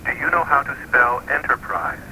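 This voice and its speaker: A man's voice: medium pitch, moderate pace, pushed and bright, slight background noise, rough recording. A man voicing a polite classroom computer system with stiff, robotic phrasing.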